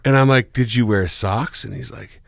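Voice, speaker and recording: A man's voice: moderate pace, no room sound, studio quality. A man co-hosting a podcast, casually telling a story, swearing often and mimicking others. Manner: animated, swears a lot, mimics his dad in a low gruff voice. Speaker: podcast co-host.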